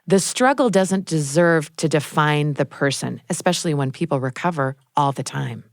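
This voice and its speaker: A woman radio host narrating between interview clips in a measured, explanatory way. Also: low voice, dry recording, clean studio sound.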